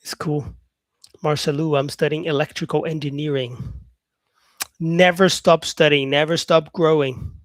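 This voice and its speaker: A man's voice: on the high side, fairly even intonation, measured pace, no room sound. Upbeat man. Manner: upbeat and encouraging, repeats phrases, reads out viewer comments. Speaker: English teacher, live stream host. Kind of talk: casual live-stream chat answering comments.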